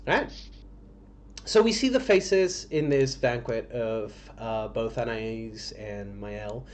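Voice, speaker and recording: A man narrating a tabletop game as game master, describing scenes in a halting, descriptive way. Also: medium pitch. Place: home streaming setup.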